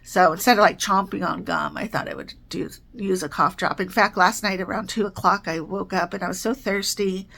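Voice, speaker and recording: Chatty woman with a bright, congested voice. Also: medium pitch, fairly even intonation, brisk, vocal fry, few pauses. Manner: rambling, chatty, with many fillers and soft laughs. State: slightly congested, sucking a cough drop. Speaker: vlogger. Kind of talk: casual chat. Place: apartment.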